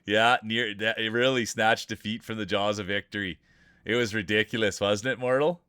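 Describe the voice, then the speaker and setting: A man's voice: on the low side, fairly even intonation, normal speed, pushed and bright, clean tone, dry recording. A man hosting a live stream of marble races, commentating in playful, jokey announcer patter.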